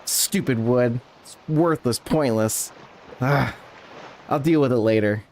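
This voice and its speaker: A man voicing a gruff, grumpy male dwarf engineer who scolds people for meddling. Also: mid-range voice, slow pace, darkish tone, a little hiss or hum. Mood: irritated. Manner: irritable, scolding.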